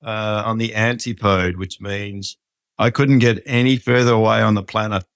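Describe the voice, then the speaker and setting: Low-voiced Australian farmer, plain-spoken. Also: male voice, fairly even intonation, normal speed, clear, resonant tone, no echo. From Western Australia. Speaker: farmer and guest. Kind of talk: casual interview over a call.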